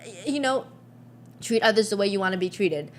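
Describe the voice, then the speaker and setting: A woman's voice: medium pitch, lively intonation, a little fast. A young woman co-hosting a podcast, telling stories in a rambling way with many fillers and restarts. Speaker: podcast co-host. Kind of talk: casual chat.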